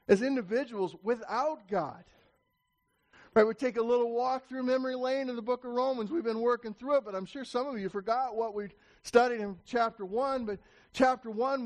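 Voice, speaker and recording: A pastor with a strikingly high voice delivers an emphatic sermon, stumbling through quick restarts before driving his points home. He raises his voice now and then to call out to the congregation.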